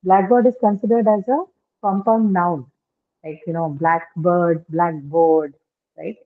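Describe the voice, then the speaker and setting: A woman's voice: on the low side, fairly even intonation, a little slow. A woman teaching an online lesson, explaining patiently and checking in with "right?". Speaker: English teacher. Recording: tinny phone-like call audio.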